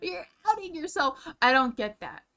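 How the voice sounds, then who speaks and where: A woman's voice: high-pitched, sing-song, moderate pace, fairly bright tone. A young woman streamer ranting in a casual, profane, exasperated way, repeating herself as she talks from a room at home. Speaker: streamer reacting to drama videos.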